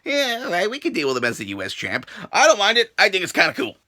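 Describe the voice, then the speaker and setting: A man hosting a comedic wrestling recap vlog, crude and jokey, with sudden shouted outbursts and exaggerated impressions. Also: high voice, huge pitch swings, quick pace.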